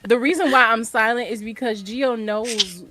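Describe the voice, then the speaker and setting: A woman with a Southern St. Louis accent chatting on a stream, animated and teasing. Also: a little high, normal speed, very noisy. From St. Louis, Missouri. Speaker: roleplay group member on a stream. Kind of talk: casual stream chat.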